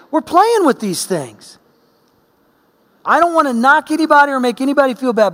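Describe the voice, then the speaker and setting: A middle-aged pastor from Oregon preaches a sermon in a large hall, his voice high. He tells a personal story with animation, acting out the voices of the people in it.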